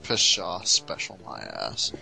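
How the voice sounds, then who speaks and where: A man's voice: sits low, big pitch swings, slow pace, gravelly, sharp tone, soft background music, poor audio. A man joining as a guest commentator on a gameplay video, dry and teasing. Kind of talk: let's play commentary.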